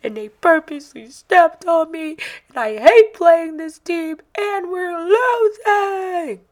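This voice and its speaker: A woman's voice: slow pace, darkish tone. A woman voicing her upset seven-year-old son, crying and breathless as he complains. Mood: tearful, upset. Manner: sobbing, high and breathless.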